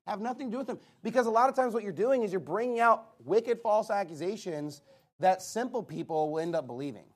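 High-voiced man preaching emphatically. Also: expressive, fairly quick. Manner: emphatic, repeated rhetorical questions with one-word answers. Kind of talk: sermon.

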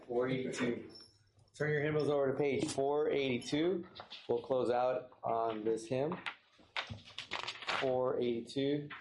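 A man's voice: medium pitch, background noise. Man announcing a hymn in an echoey church. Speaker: pastor leading the service. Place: church sanctuary.

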